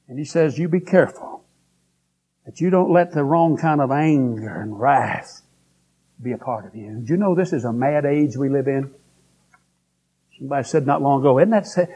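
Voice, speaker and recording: A man preaching a folksy, emphatic sermon. His voice leaps up and drops low as he drives his points home. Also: warm tone, breathy edge. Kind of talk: revival-style sermon.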